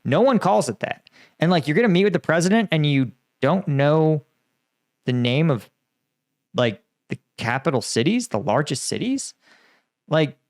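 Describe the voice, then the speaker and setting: Sarcastic man with a fairly high voice. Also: no room sound, studio quality. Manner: sarcastic, animated, acts out quoted voices. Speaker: channel host, commentator. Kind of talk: casual political commentary reading posts.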